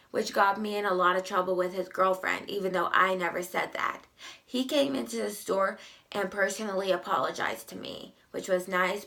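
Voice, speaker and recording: Slow, gravelly young woman vlogger. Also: mid-range voice, pushed and bright. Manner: emphatic, exasperated storytelling. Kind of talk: casual storytime vlog.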